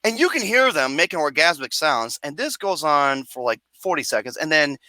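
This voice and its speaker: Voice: mid-range voice, big pitch swings, normal speed, bright, forceful tone, no room sound. A film reviewer ranting profanely and acting out scenes with mock wails and singing.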